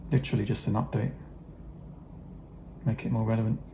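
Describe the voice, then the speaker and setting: A middle-aged man talks in a slow, unhurried ramble as he paints models, trailing off into fillers and dry jokes. His voice is dark and mellow with a gravelly edge. A faint hum of room ambience sits behind him. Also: lowish voice, fairly even intonation. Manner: rambling, many fillers, wry asides and swearing. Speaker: hobby vlogger painting miniatures. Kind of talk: casual rambling chat while painting.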